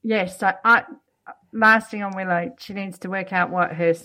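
A woman's voice: mid-range voice, steady tone, normal speed, sharp tone, poor audio. A middle-aged woman telling family stories in a casual chat, laughing often as she talks. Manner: chatty storyteller, laughs often.

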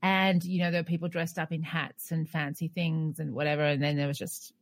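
A woman's voice: sits low, little pitch movement, brisk, dry recording. A woman co-hosting a podcast who argues her opinion firmly in casual chat, laughing along the way.

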